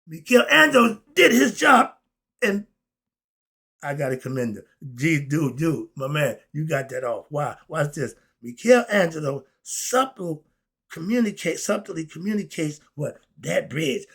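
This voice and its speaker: A man hosting an animated spiritual commentary, excitably asking rhetorical questions and answering them himself. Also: fairly high pitch, unhurried, breathy edge. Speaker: host.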